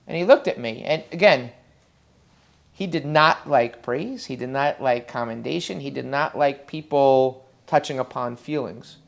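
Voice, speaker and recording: A funeral director delivers a eulogy in a funeral home and speaks to the gathered mourners in a relaxed, conversational way. The speaker recounts personal memories and breaks into playful acted-out dialogue. There are many pauses, and the speaker often turns to address people in the room directly. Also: medium pitch, vocal fry. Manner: conversational storytelling, acts out dialogue with humor; talks straight to the mourners, pausing often. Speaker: emergency medical technician.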